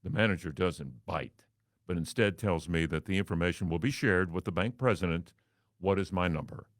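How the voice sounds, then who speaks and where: Wry male host, baritone, theatrical storytelling, dry close sound. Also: moderate pace, dry recording. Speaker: radio and TV host. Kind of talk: storytelling monologue.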